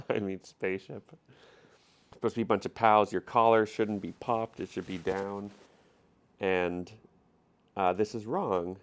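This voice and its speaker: Gravelly, lowish male storyteller, flippant and slangy, laughs through his own retelling. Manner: flippant, laughing, slangy, voices characters loosely. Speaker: storyteller recapping an episode. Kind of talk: casual comic retelling.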